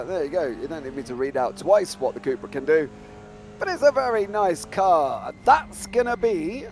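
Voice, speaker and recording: A man's voice: on the high side, a little mellow. A man doing live sim racing commentary in a chatty way, full of fillers and calling his co-host mate.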